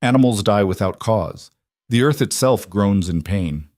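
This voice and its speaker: A man's voice: on the low side, lively intonation, a little slow, darkish tone, dry recording. A man doing a growling northern wolf alpha. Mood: solemn. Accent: thick northern. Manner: growling, solemn. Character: huge scarred old wolf alpha, gruff and fierce.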